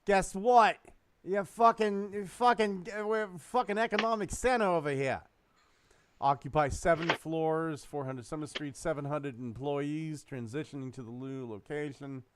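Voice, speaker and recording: A man's voice: fairly high pitch, noisy background. A man co-hosting a casual chat podcast, ranting and mocking with plenty of swearing. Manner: profane, ranting, quick to mock. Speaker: podcast co-host.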